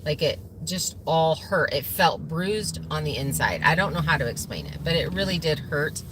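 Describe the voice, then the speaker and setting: A woman's voice: sits low, expressive, normal speed, noisy background. A middle-aged woman co-hosting a casual live chat from inside a car, laughing often as she tells her story. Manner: laughs often and tells stories with a lot of feeling. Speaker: co-host of a farm channel.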